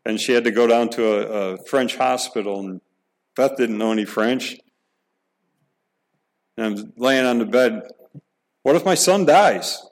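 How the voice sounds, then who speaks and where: A man's voice: lowish voice, steady tone, a little slow, pauses often, low-quality recording. Earnest middle-aged male preacher. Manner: earnest, emphatic preaching with rhetorical questions; repeats words as he restarts. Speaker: pastor. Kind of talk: sermon.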